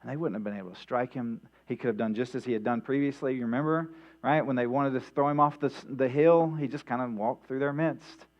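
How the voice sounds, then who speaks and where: Speaking briskly at a medium pitch, this pastor delivers a midweek church sermon in a casual, chatty way full of restarts and "right?" asides. Mains hum runs under the dull, lo-fi audio.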